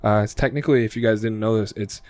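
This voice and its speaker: A man's voice: lowish voice, steady tone, quick pace, darkish tone, no room sound. Young man rambling on a podcast. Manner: rambling, filler-heavy, says "like" often. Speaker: podcast host. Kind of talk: casual podcast chat.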